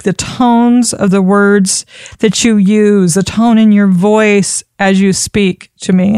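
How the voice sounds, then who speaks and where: A woman giving an instructional talk on public speaking, expressive and demonstrating pitch changes as she teaches. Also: smooth, no room sound, clean studio sound. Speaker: speaking coach.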